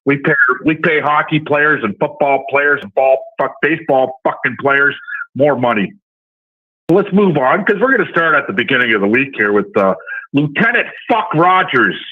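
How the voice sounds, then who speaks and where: A man's voice: mid-range voice, animated, normal speed. A male caller with a Southern US accent, ranting brashly and cursing constantly. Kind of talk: profane call-in rant. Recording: tinny phone line.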